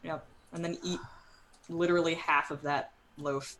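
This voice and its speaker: A woman's voice: low voice, moderate pace, slight background noise, low-quality recording. A woman player in a tabletop game, playful and chatty with lots of "like"s. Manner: playful and animated, with many "like"s. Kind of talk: casual tabletop role-play.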